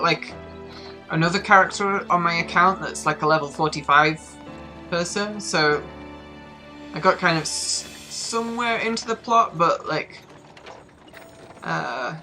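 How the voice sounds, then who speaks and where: A woman's voice: sits low, pushed and bright. A woman with a northern English accent chatting wryly and swearing casually while she streams a game live.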